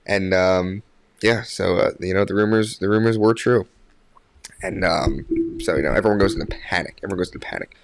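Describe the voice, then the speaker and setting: A young man tells a story as a podcast guest, in a voice a little lower than most. He rambles with plenty of fillers and restarts. The sound is dry and close. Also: quick pace, gravelly, no echo. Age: young adult. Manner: animated when quoting others. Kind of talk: casual storytelling.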